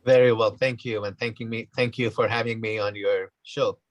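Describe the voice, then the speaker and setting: A man, a graduate school dean, answering interview questions in a measured, explaining way. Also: lowish voice, steady tone, dry recording, rough recording.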